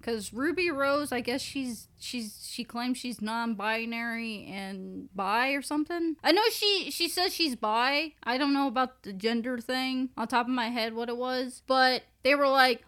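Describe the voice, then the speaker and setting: A woman's voice: fairly high pitch, unhurried, bright, forceful tone. A woman in casual chat, opinionated and blunt, swearing for emphasis.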